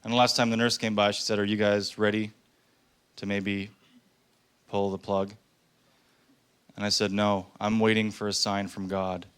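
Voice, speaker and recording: A man doing a stand-up comedy routine, telling stories deadpan and slipping into voices for the people in them. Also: fairly low pitch, moderate pace, long pauses, clean tone. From Canada. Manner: deadpan storytelling with acted-out voices. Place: comedy club stage with a live audience.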